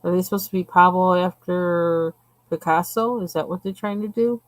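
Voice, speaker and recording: Rambling, chatty woman with a lowish voice. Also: moderate pace, no room sound. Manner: rambling and chatty, with frequent fillers and tangents. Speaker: livestream host. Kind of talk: casual chat while coloring.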